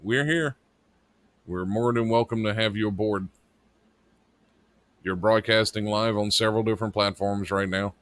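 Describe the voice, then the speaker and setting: A man's voice: lowish voice, steady tone, normal speed, pauses often, fairly bright tone, no echo. A man co-hosting a live internet radio stream as its producer, rambling and joking with casual swearing. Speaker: producer and co-host.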